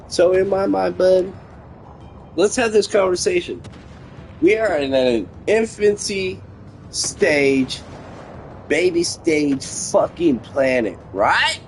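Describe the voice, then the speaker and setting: A man's voice: fairly high pitch, a little hiss or hum. A man streaming a game, rambling casually with heavy profanity and meandering, laid-back musings.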